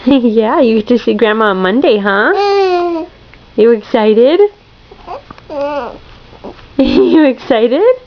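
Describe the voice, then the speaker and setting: A woman's voice: sits high, very animated, very slow, pauses often, dull audio. A woman talking to a newborn in a home video, cooing and repeating phrases in sing-song baby talk.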